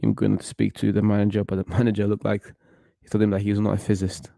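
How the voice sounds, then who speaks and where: A man's voice: lowish voice, completely flat delivery, quick pace, creaky, warm tone, no echo. A man hosting a football watchalong, chatting casually and giving opinionated commentary on the match. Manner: chatty, opinionated, thinks aloud with restarts.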